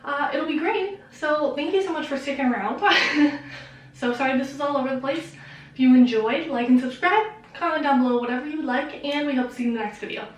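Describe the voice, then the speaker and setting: A woman's voice: high voice, a little fast. A young woman chatting casually through a makeup tutorial, rambling and laughing often. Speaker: beauty vlogger. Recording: roomy echo, mic at a distance.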